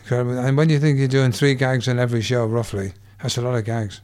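Older Liverpudlian comedian telling gags. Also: male voice, medium pitch, fairly even intonation, quick pace, darkish tone. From England. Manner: gag-telling storyteller, slips into quoted voices. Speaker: comedian guest. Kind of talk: anecdotal chat.

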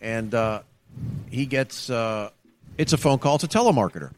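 A former state trooper tells a story in casual conversation, his mid-range voice moving at a moderate pace over slight background noise. He's an animated storyteller who acts out the voices of the people he quotes.

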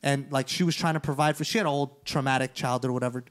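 Animated, profane podcast host, a man. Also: mid-range voice, fast. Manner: animated, profane, acts out quoted dialogue. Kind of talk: casual storytelling chat.

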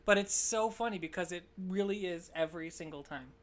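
Chipper young woman, lowish voice. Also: a little fast. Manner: giggly, storytelling, chipper. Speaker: podcast co-host. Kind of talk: casual chat.

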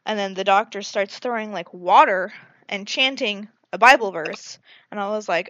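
A young woman casually recapping a horror movie, animated and swearing, acting out the characters' lines with lots of "like" fillers. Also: medium pitch, moderate pace, dry recording, highs cut off.

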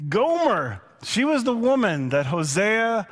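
A man preaching a sermon in a relaxed, conversational way, with quick asides and chuckles. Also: a little high. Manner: conversational, chuckling, slows down to read scripture. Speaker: pastor. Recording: long hall reverb.

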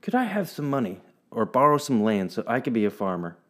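A man's voice: mid-range voice, sing-song, fairly quick. A man voicing a hopeful, poor young boy who dreams of farming, earnest and pleading.

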